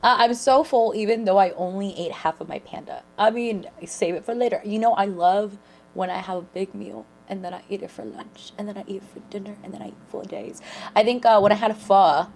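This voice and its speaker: A woman streamer chatting casually and excitedly with her viewers while reacting to a sermon. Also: medium pitch, a little fast, vocal fry, slight background noise. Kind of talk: casual watch-along commentary.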